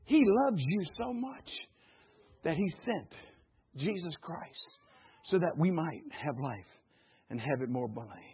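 A pastor preaching a sermon in call-and-response style, swinging between loud and hushed passages. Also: male voice, on the high side, animated, a little slow, long pauses, husky. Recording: tinny phone-like recording.

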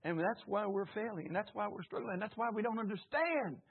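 A man preaching a sermon with call-and-response, his voice swelling to shouts on key lines. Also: sits high, lively intonation, quick pace, gravelly, breathy edge. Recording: tinny phone-like recording.

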